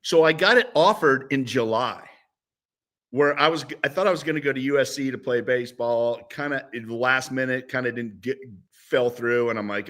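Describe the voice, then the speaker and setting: A man's voice: mid-range voice, moderate pace. A man in his sixties, a former football player, telling stories as a guest in a casual interview. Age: 60s. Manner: animated storyteller.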